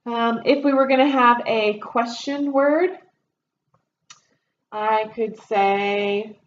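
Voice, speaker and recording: A woman's voice: a little high, slow pace, roomy sound, lo-fi sound, a little hiss or hum. A woman teaching a Spanish review lesson, explaining grammar step by step with frequent ums. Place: classroom.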